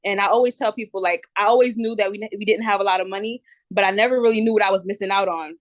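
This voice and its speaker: A woman in her twenties with a New Jersey accent, chatting as a podcast guest and telling her story in a lively way. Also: mid-range voice, fast, dry recording. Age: 20s. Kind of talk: casual interview.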